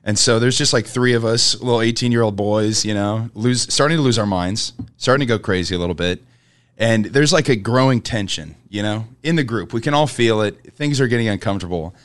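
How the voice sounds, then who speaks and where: A man's voice: on the low side, a little fast, dry recording. A young man, a guest comedian, telling a funny story in casual podcast chat, laughing often as he goes.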